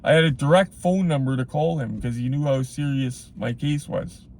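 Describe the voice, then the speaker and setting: A man's voice: medium pitch, normal speed, darkish tone. A man talking straight to his viewers in a casual vlog, blunt and rambling, full of "like" and "you know what I mean". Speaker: collectibles vlogger.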